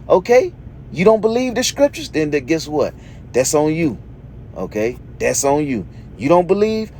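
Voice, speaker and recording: On the high side and warm in tone, a preacher's voice comes through with a little hiss or hum. He reads scripture aloud before explaining it emphatically, and "okay?" follows nearly each point he makes.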